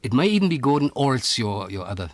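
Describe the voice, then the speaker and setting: A man hosting a radio interview, asking teasing, leading questions in a relaxed way. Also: medium pitch, fast, no room sound.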